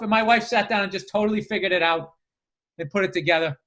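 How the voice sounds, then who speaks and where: A man co-hosts a casual podcast, his voice pitched high and bright. He tells stories with animated energy, swears freely and slips into the voices of the people in them. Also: fast talker. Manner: animated storyteller, swears a lot, acts out voices. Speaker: podcast co-host. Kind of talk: casual chat.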